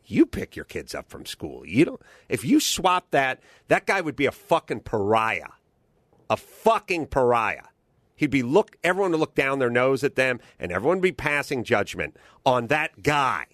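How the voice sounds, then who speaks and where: A man's voice: medium pitch, moderate pace, no echo. A man telling stories in a casual, profane comedic rant as a podcast host. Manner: profane, animated storytelling, swaps into voices for quotes.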